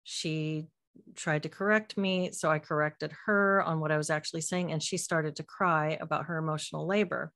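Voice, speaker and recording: Lower-pitched woman telling a story. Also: normal speed. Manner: animated storytelling. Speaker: podcast co-host. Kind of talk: casual live-stream discussion.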